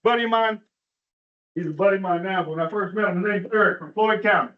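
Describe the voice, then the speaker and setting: Atlanta guy giving a pep talk keynote, storyteller rhythm, kinda high voice, muffled far-off mic. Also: quick pace. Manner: rhythmic, storytelling delivery with rhetorical asides. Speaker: keynote speaker at a training. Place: large room at a training event.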